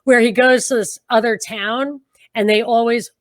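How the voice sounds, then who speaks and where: A middle-aged woman with a New York accent from Brooklyn, co-hosting a casual livestream chat, animated and quick to laugh. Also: on the high side, no echo, clean studio sound. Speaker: podcast co-host. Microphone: livestream video call.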